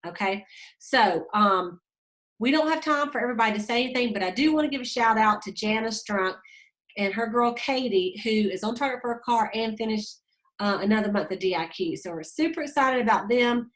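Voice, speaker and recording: A woman's voice: a little high, brisk, fairly bright tone, poor audio. A woman hosting a motivational sales team call, upbeat and folksy, coaching her team. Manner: upbeat, pep-talk, folksy.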